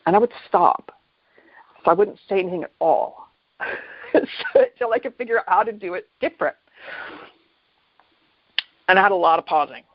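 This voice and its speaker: A man hosting a reflective solo talk on mindfulness, unhurried and thoughtful, often pausing and restarting his phrases. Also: high-pitched, lively intonation, dry recording. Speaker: podcast host. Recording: dull lo-fi dry recording.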